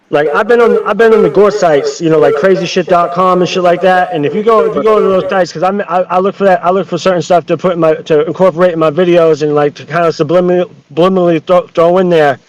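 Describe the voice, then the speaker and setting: A man's voice: sits high, fast, dry recording. A man talking as a podcast guest, heated and profane, rambling with many restarts. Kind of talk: casual podcast chat. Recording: dull lo-fi dry sound.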